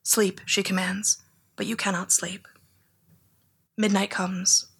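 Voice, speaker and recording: Woman reading a memoir audiobook, hushed and flat, mid pitch, slips near a whisper. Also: slow pace, gravelly, husky. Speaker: audiobook narrator. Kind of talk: second-person memoir narration.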